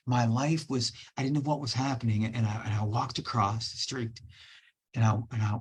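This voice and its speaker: A man's voice: mid-range voice, husky. A man telling his personal recovery story in an interview, emotional, often repeating himself and restarting phrases.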